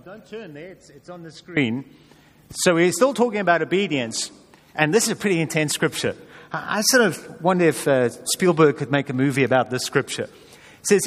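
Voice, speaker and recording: A man's voice: a little high, big-room sound. A man preaching a sermon as pastor, conversational with wry humor.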